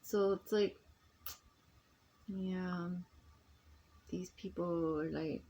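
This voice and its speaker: A woman's voice: on the low side, fairly even intonation, extremely slow, warm tone, muffled recording, a little hiss or hum. A woman talking straight to her phone in a rambling personal monologue, emphatic and full of restarts that trail off. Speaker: vlogger.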